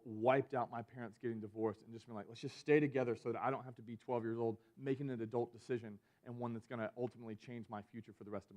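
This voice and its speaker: Young guy preaching to students, chatty, lots of "like", mid-pitched voice. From Georgia. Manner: conversational, many "like" fillers, animated retelling of a personal story. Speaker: student ministry pastor. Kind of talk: youth sermon.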